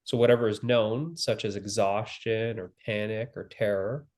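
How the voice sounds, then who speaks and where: A man giving a spiritual teaching, speaking calmly and slowly with long pauses and repeated phrases. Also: lowish voice. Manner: calm, slow and repetitive, with long pauses. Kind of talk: slow guided spiritual teaching.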